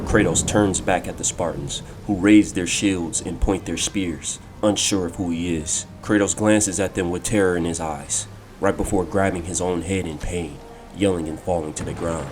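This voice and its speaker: A man narrating a fan-made game story in a steady, descriptive storytelling manner. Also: low-pitched, normal speed, a little hiss or hum. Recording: loud music under the voice.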